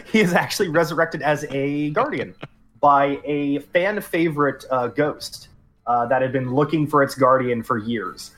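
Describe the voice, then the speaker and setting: A man's voice: on the high side, measured pace, fairly bright tone. A man hosting a gaming podcast, chatting casually through the news with lots of fillers. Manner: rambling, filler-heavy. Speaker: podcast host.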